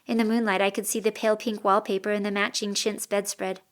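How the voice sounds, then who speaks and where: A woman reading a first-person audiobook in a measured, expressive storytelling voice. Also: medium pitch. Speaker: audiobook narrator.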